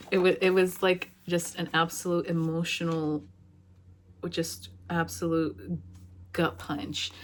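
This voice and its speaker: A young adult woman giving a casual book review vlog, talking in an emotional, halting way with many fillers and restarts. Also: fairly low pitch, slight background noise.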